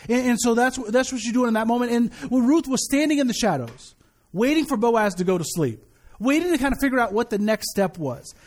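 A man with a notably high voice delivers a sermon as pastor of his congregation. He talks casually, stumbling over words and restarting often. He drops light joking asides into his teaching. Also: lively intonation, brisk.

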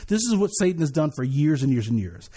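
A male pastor preaching a sermon in a lively, conversational way, often repeating words as he restarts. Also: fairly high pitch, fast talker, slightly rough.

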